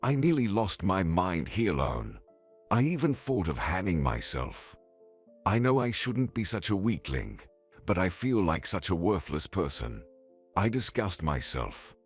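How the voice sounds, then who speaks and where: A man's voice: deep voice, big pitch swings, measured pace, breathy edge, faint music behind, exaggerated voice. A man reading the lines of a remorseful police officer and father, muttering apologies.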